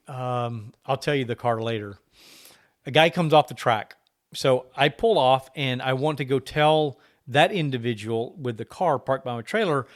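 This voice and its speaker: A man co-hosting a casual podcast, telling a long anecdote and acting out the quoted exchanges with other drivers. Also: mid-range voice. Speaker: podcast co-host. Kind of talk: casual storytelling chat.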